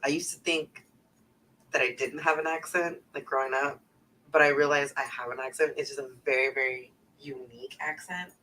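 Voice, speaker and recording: A rambling streamer with a Houston Texan twang talks loosely, peppering every thought with 'like' and easy curses. The voice is bright and sits a little back from a laptop mic at home. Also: mid-range voice, fairly even intonation, normal speed, distant mic, slight background noise, rough recording. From north side of Houston, Texas. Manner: rambling, full of 'like', swears freely, laughs often. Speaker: livestreamer and travel agent. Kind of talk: casual livestream chat.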